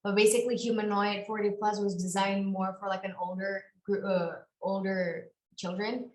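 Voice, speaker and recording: A woman's voice: mid-range voice, flat delivery, moderate pace, darkish tone. Hesitant woman presenter in a roomy echo. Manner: friendly, hesitant, many fillers. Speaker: webinar presenter. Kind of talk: casual video-call Q&A.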